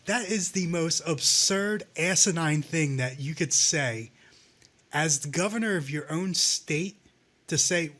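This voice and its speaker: A man with a slightly high voice talks loosely on a live call-in show. He rants with sarcasm and swears freely between fillers. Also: lively intonation, unhurried, fairly bright tone. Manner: ranting, sarcastic, swears a lot. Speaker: podcast co-host. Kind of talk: casual profane chat.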